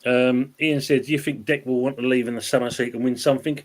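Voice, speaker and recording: A man's voice: medium pitch, steady tone, fast talker. A man hosting a casual football chat show, reading viewer comments aloud in a laid-back way. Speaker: podcast host reading live chat.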